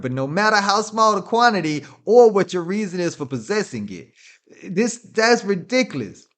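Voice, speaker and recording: A man rants on his radio show in an animated, swooping voice that sits a little high. He swears freely and laughs between points in a loose, casual talk style. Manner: profane, laughing, animated ranting.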